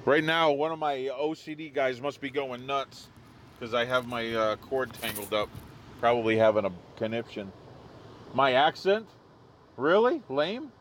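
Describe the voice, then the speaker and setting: A man's voice: mid-range voice, measured pace, fairly bright tone, slight background noise. A man hosting a live stream outdoors, joking casually and laughing at his own jokes. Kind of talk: casual livestream commentary.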